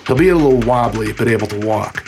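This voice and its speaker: A man's voice: on the low side, fast, vocal fry, darkish tone, faint music behind, poor audio. A man voicing a wry woman medic. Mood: instructive. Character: sharp-tongued woman medic on comms.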